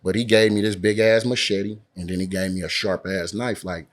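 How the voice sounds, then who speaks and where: A man from Oakland, California, speaks briskly in a lowish voice as an interview guest in a Las Vegas resort lounge. He tells a story casually and animatedly, acting out the dialogue with heavy slang and frequent swearing.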